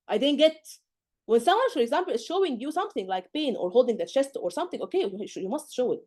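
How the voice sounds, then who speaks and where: A woman tutor lectures at a rapid clip, her voice pitched a little high. She is emphatic and scolding, piling on rhetorical questions and mimicking what students get wrong. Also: animated, darkish tone. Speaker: medical exam tutor. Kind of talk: live online lecture.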